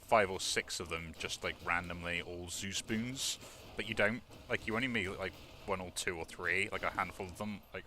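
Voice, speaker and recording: A man with a low, bright voice talks casually over a video game. He rambles along, dropping plenty of "like" and "um". Faint noise sits behind him. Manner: rambling, many fillers like "like" and "um". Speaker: let's play host. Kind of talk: casual gameplay commentary.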